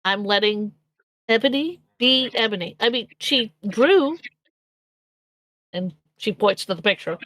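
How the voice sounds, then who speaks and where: A woman's voice: mid-range voice, lively intonation, a little slow, pauses often, a bit bright, no echo, poor audio. A woman playing a tabletop role-playing game over voice chat, describing her character's actions with many fillers and restarts. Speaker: player.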